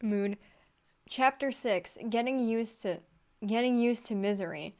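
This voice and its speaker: A woman's voice: fairly high pitch, unhurried. Giggly woman reading fan fiction aloud. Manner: giggly, with deadpan asides. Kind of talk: comedic read-aloud storytelling.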